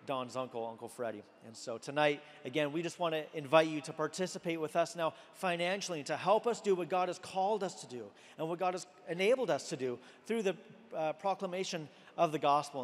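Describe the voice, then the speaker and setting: A man hosting a large event, giving an onstage appeal for donations in a relaxed, conversational way with many filler words. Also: on the high side. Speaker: event host and pastor. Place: large arena. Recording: long arena reverb, faint crowd ambience.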